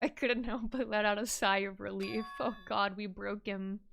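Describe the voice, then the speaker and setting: A woman's voice: mid-range voice, steady tone, moderate pace, vocal fry, a bit bright, slight background noise. A woman streaming a game in casual commentary, playful and laughing often as she reads lines aloud. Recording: faint music in the background.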